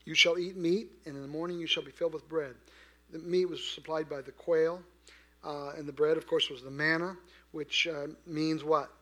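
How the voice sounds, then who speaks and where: A man preaching a sermon in a conversational way, asking his listeners questions and swinging from quiet to loud. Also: on the high side. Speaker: pastor.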